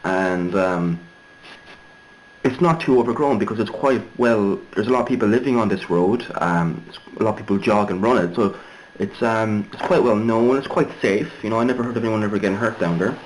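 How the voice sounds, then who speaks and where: A man's voice: lowish voice, brisk, a little hiss or hum, rough recording. A young Irishman telling a story casually, rambling and digressive with many fillers and restarts. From Ireland. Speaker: vlogger.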